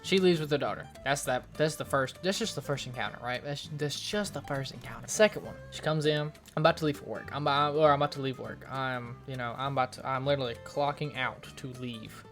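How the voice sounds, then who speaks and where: A young man telling a storytime vlog about his retail job, animated, exasperated and incredulous. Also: medium pitch, fairly quick, hardly any pauses. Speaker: store associate telling a work story. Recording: clear music behind the voice.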